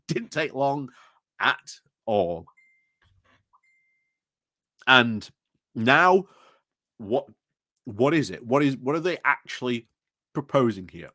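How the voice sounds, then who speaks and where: A man's voice: mid-range voice, a bit bright, no room sound, studio quality. Sarcastic man. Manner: sarcastic, chuckling, rambling with restarts. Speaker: political commentator. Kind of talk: opinionated video commentary.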